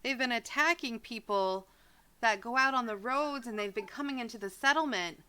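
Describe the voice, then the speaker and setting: A woman voicing a scared townswoman in a tabletop game, talking quickly and breathlessly. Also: on the high side, bright, forceful tone, clean tone. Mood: frightened.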